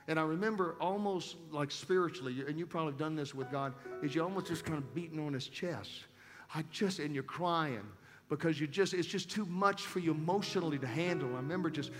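A man with a fairly high voice preaches from a church platform, dropping low and quiet and then rising to loud, urgent calls. His voice rings with long hall reverb, and an instrument plays clearly underneath. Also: brisk, soft background music. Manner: swings from soft intimate speech to loud urging. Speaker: guest preacher. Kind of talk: sermon with altar call. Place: church sanctuary.

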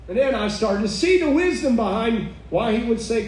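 A woman's voice: fairly high pitch, expressive, normal speed, hardly any pauses, darkish tone. A woman preaching a sermon to a live audience, fervent and exclaiming, with chuckling asides. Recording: echoey room, mic far off, faint noise.

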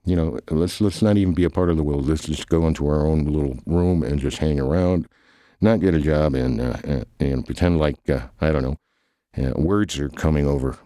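A grumpy, sarcastic man voiced by a man scolds his lazy friends. His voice is extremely deep and dark. The sound is dry and close. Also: normal speed, no room sound. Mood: exasperated.

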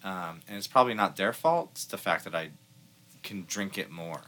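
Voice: low-pitched, moderate pace, fairly bright tone. A podcast host joking and bantering during a casual beer-tasting chat.

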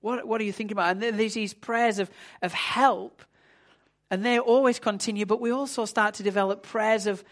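A man's voice: sits high, fairly even intonation, fairly quick, fairly bright tone. Conversational male preacher telling a story. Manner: conversational storytelling with casual asides. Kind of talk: sermon.

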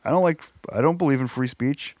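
A man's voice: mid-range voice, brisk, a little mellow, no room sound. A young man co-hosting a casual podcast chat, tossing in irreverent jokes and laughing along. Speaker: podcast co-host.

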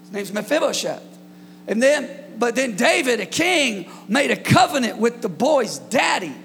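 High-voiced, gravelly preacher in a church hall. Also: male voice, moderate pace. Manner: energetic, shouting at peaks, calls to the congregation. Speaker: pastor. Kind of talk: sermon.

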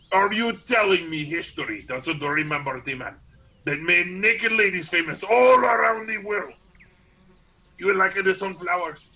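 Slow leering boastful painter played by a man, bright tone, faint background noise. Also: sits high, exaggerated voice. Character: lecherous, boastful male painter.

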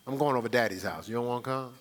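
Racing along in a mid-range voice, a male pastor delivers a live sermon in a conversational, rhetorical manner, frequently checking in with his congregation with a "right?".

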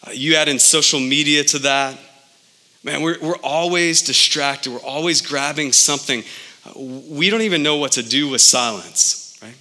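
A man in his thirties preaching a sermon as pastor, animated, with his pitch jumping up for emphasis. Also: moderate pace.

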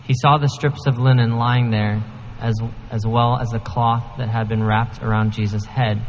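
A man reading a scripture passage aloud in a steady, measured way in a church. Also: medium pitch, in a large hall, slight background noise, poor audio. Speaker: scripture reader. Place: church sanctuary.

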